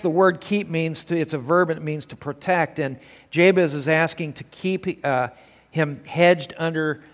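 An older male preacher with a slightly high voice, giving a sermon that moves from scripture to folksy stories. His words carry a long reverb, as if he is in a large hall. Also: a bit bright.

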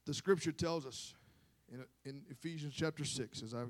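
This sermon comes from a man with a fairly high pitch speaking at normal speed. His delivery shifts between quiet asides and impassioned shouting as he calls for the congregation to respond.

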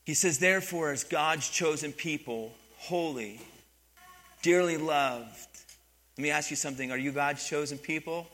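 Bright-voiced pastor preaching with swings in force. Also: male voice, a little high, normal speed. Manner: animated, swings from quiet to emphatic, asks the congregation questions. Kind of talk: sermon.

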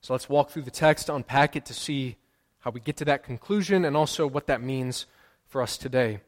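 A man's voice: mid-range voice, normal speed. A man preaching a sermon as pastor, emphatic and repeating his key lines for weight. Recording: long hall reverb.

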